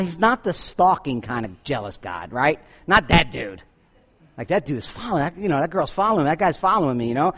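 Animated high-voiced preacher. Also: male voice. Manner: animated, swings between booming and low asides. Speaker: pastor. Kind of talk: sermon.

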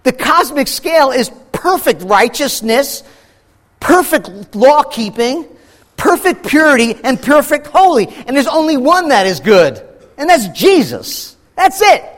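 A man preaching a sermon as pastor, slowing down for heavy emphasis and acting out quoted voices. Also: very high voice, very animated, a bit bright, long reverb tail. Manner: preaching with dramatic slow emphasis and acted quotes.

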